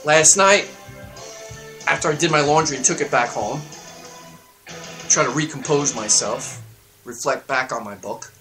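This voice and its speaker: A man hosting his own show, delivering a heated political rant that swings up into loud, high outbursts. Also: a little slow, long pauses, soft background music. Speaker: show host. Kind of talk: ranting political monologue.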